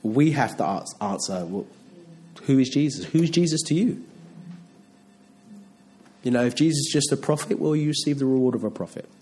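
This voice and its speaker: A man's voice: mid-range voice, fast talker, mellow. A man preaching a sermon in a conversational style, often restarting phrases and asking rhetorical questions.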